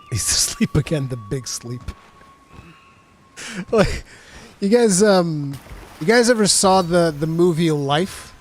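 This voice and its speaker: Guy in his 30s streaming a game, kinda high voice, laughs a lot, swears casually. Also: slight background noise. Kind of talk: casual gameplay commentary.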